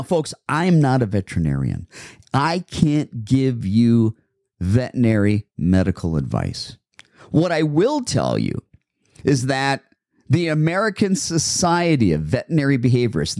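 A man's voice: mid-range voice, wildly swooping pitch, normal speed, a little mellow, dry recording, clean studio sound. A man hosting a dog-training podcast, talking emphatically and repeating phrases for effect. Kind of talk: podcast monologue.

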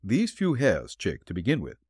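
A man reading the part of a calm, shrewd male detective who explains his clues dryly. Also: lowish voice, breathy edge, no room sound, heavily acted. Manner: dry, explanatory, deliberate.

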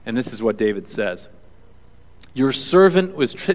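A man's voice: mid-range voice, expressive, moderate pace, long reverb tail. A male pastor preaching a sermon to a congregation in an earnest, conversational way. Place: church hall with audience.

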